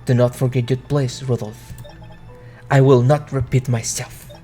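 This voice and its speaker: A man's voice: mid-range voice, little pitch movement, a little slow, mellow, soft background music, natural voice. A man reading a cold, commanding young noble mage. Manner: clipped, imperious orders. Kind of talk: reading game dialogue aloud.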